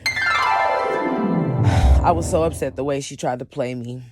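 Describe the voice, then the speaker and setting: A woman who sells cosmetics tells a storytime vlog, swearing heavily and swinging from loud outbursts to quiet, shaken admissions. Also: rumbling low, expressive, measured pace, long pauses, over loud music. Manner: emphatic, heavily profane storytelling. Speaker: cosmetics vendor.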